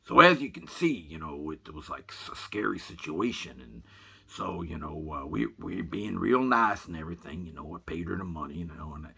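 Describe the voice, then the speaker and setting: Raspy deep-voiced man rambling folksily. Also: animated, pushed and bright. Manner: folksy, fills every pause with "you know". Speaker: storyteller. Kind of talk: rambling comic anecdote.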